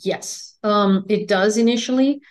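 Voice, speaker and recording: A woman in her forties with a mixed Indian and American accent, answering interview questions in a calm, articulate way. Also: mid-range voice, a little slow. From India and United States. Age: 40s. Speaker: guest, endocrinologist.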